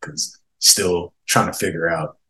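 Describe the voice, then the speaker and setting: Animated, slangy man hosting a gaming podcast. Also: sits low, a little slow, low-quality recording. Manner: animated, laughing, slangy reactions to viewer comments. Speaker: podcast host. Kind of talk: casual gaming podcast chat.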